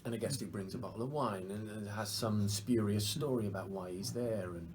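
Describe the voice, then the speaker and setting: A man's voice: fairly low pitch, brisk, darkish tone, a little hiss or hum. A man with an English accent, an actor chatting animatedly in a press interview and laughing often. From England. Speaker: actor guest.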